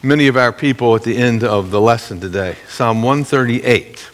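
A middle-aged man leads a Bible lesson, talking his listeners through the verses step by step. His delivery is measured and explanatory, with an ordinary mid-range voice. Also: mid-range voice. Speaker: Bible teacher.

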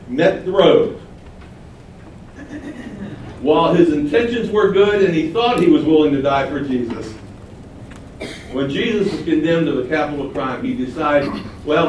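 A man preaching a sermon, animated, acting out quoted lines with sudden rises. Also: a little high, unhurried, long pauses. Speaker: pastor. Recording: very echoey room, distant mic, faint noise.

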